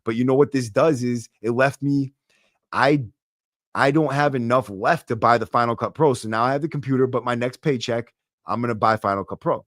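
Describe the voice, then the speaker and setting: A young man from Massachusetts with a thick Boston accent hosts a casual livestream podcast, reading comments and chatting to viewers in a brash, streetwise manner loaded with slang and swearing. His mid-range voice is brisk and a bit bright, captured on a close podcast mic with clean studio sound and no echo.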